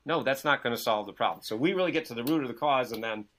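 A man's voice: mid-range voice, quick pace. A man guesting as an author and success coach on a video call, telling stories with lots of "you know" and acting out the dialogue in them. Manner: energetic storyteller who acts out quoted dialogue; many fillers, "you know". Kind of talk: animated interview talk.

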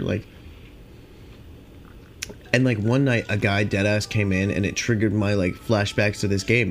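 A young man hosting a podcast, rambling casually and profanely with lots of filler, and high on cannabis. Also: a little hiss or hum. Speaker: podcast host.

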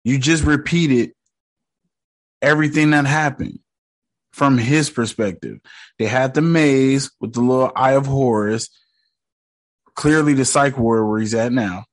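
A man's voice: medium pitch, unhurried, pauses often. A man casually recapping a TV episode in slangy, joking talk, mockingly quoting the characters. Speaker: show recap host.

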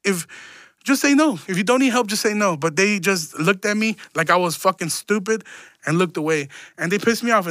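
Young male podcast host, high voice, profane rambling rant, bone-dry close sound. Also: sharp tone, no room sound. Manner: rambling, profane, stumbling repeats. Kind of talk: casual solo podcast rant.

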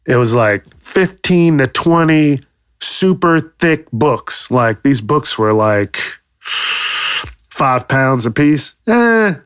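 A man rants into the mic with mock fury, swearing freely and building absurd threats for laughs. His voice sits at an ordinary middle pitch, and the recording is close and dry with no room sound. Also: no room sound. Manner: loud, swearing, exaggerated outrage. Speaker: podcast host. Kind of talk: profane comedic rant.

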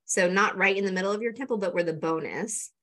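A woman's voice: medium pitch, quick pace, fairly bright tone. A woman, a coach, casually explaining and demonstrating a tapping routine step by step, with plenty of fillers. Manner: conversational, walks through steps with many fillers. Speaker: energy coach guest.

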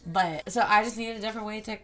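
A woman's voice: medium pitch, fast talker. A young woman hosting a solo podcast, talking candidly and rambling, swearing often. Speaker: podcast host. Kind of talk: casual solo podcast chat.

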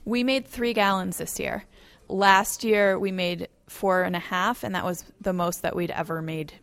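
A woman's voice: lowish voice, steady tone, a little slow, fairly bright tone. A woman educator, a guest on a radio interview, explaining things in a plain, straightforward way. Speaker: educator at a community group.

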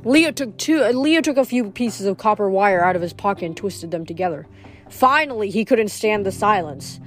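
A woman reading chapters of a novel aloud in a steady storytelling narration. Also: medium pitch, normal speed, soft background music. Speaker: reader.

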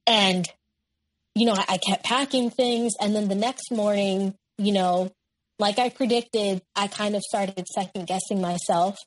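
A woman's voice: mid-range voice, fairly even intonation, a little slow, poor audio. A nineteen-year-old woman, a guest in an interview, recounting a personal story in a candid, matter-of-fact way.

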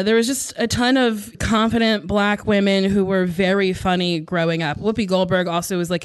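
A woman comedian answering rapid-fire questions, frank and animated, with playful asides. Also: medium pitch, smooth, no room sound, studio quality. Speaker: stand-up comedian.

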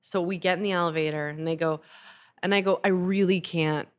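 A woman comedian chatting casually, joking about herself with quick asides. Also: on the low side, steady tone, smooth. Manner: self-deprecating, quick jokey asides. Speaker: comedian co-host. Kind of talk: casual podcast chat.

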